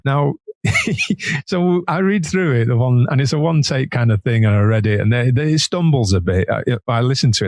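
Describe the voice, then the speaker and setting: A man's voice: fairly low pitch, dry recording, clean studio sound. A man, a guest guitarist, telling stories in a casual interview, laughing often and acting out the voices of others. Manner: animated storyteller, laughs often, acts out quoted voices.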